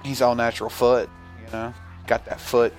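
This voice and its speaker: A man's voice: medium pitch, completely flat delivery, normal speed, soft background music. A man co-hosting a wrestling podcast in a casual, rambling chat, swearing and joking with his co-host.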